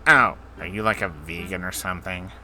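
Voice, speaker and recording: Man putting on a nasal, condescending young neckbeard in a story reading; lowish pitch, odd pinched tone. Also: brisk, bright, forceful tone, slight background noise. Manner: condescending, smug.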